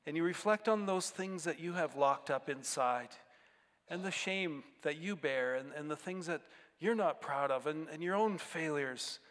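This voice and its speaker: A man preaching a sermon as pastor of a church, earnest, swinging between emphatic rises and quiet drops. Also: fairly high pitch, normal speed, in a large hall.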